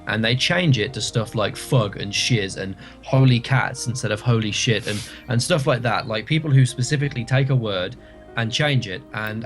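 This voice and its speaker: A British man chatting as a podcast guest, giving long winding explanations. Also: lowish voice. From Britain. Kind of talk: casual podcast chat.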